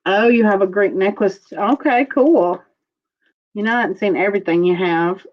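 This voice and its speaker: A woman hosting a casual live-streamed jewelry auction, chatting slowly as she describes pieces and calls out viewer bids. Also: mid-range voice, muffled recording.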